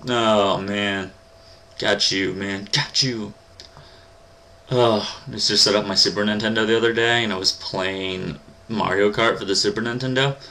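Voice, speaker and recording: A man's voice: on the low side, steady tone, moderate pace, bright, forceful tone, rough recording. A man casually commentating his playthrough of a retro game, rambling and sarcastic, talking back to the game characters. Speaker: gaming channel host. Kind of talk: casual let's-play commentary.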